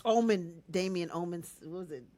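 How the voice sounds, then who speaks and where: A woman's voice: lowish voice, crowd noise. A woman co-hosting a casual comedy podcast who laughs often and takes the listener calls. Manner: laughs often, unhurried replies. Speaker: co-host.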